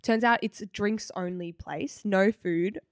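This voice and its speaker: A woman's voice: medium pitch, measured pace, dry recording. Young aussie girl on a podcast, chatty storytelling, puts on voices for quotes, dead dry sound. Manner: animated, swears casually, acts out quotes. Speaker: podcast co-host. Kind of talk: casual storytelling chat.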